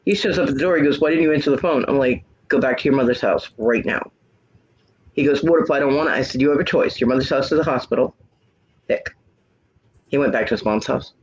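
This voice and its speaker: A hangout host with a husky, slightly rough, mid-range voice tells a personal story quickly in relaxed chat. Blunt and frank, he acts out both sides of quoted arguments, slipping into the other person's voice for each line. The audio sounds a bit muffled, like a lo-fi online voice call.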